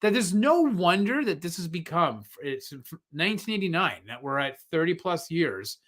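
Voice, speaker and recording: Man, 40s, from Canada, podcast co-host; high, bright voice, animated retelling. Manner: animated, laughing while retelling scenes. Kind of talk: casual chat.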